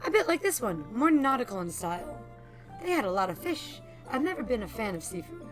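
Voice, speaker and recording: A woman's voice: fairly high pitch, big pitch swings, a little fast, faint music behind. A woman voicing an ancient, courteous undead male archivist in a plain voice with old-fashioned phrasing.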